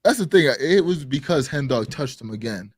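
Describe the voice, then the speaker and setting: A man co-hosting a live stream show, telling a story in casual chat, animated and swearing, acting out quotes loudly. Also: medium pitch, moderate pace, slightly rough, dry recording, clean studio sound. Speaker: podcast co-host.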